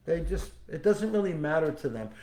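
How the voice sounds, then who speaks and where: Man, podcast host, spiritual talk, folksy storytelling, repeats phrases, warm tone, roomy echo. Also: on the high side, very animated, a little fast. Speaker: podcast host and psychic medium. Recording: echoey room.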